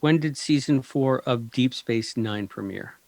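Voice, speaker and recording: A man's voice: medium pitch, a little slow, darkish tone, no echo. A man co-hosting a podcast, chatting casually and making brief, dry remarks. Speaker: podcast co-host.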